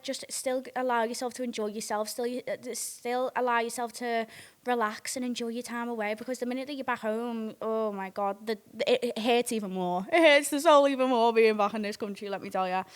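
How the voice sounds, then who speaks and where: Chatty young Northwest English woman. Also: a little high. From near Liverpool, England. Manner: chatty and candid, swears freely, checks in with listeners. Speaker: podcast host. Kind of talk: casual storytime chat.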